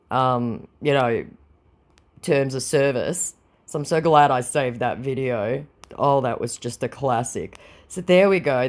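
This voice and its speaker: A woman at home giving blunt, sarcastic, casual commentary on chat messages, swearing freely. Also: rumbling low. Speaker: scam baiter. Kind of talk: casual commentary reading chats.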